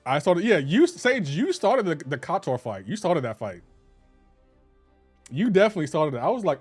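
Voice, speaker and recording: Man in his thirties, game streamer; higher-pitched, very animated voice, playful slangy teasing, faint game music underneath. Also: normal speed, husky. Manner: playful teasing banter, laughs often, slangy. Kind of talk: casual stream chat with viewers.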